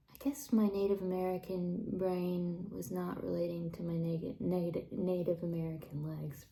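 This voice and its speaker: A woman tells her own stories in a relaxed, wandering monologue. Her voice is low and gravelly, and she often drops to a near whisper. She takes her time over every phrase. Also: rough recording. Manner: rambling, drops into soft whispered asides. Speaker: vlogger telling personal stories. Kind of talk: casual storytelling monologue.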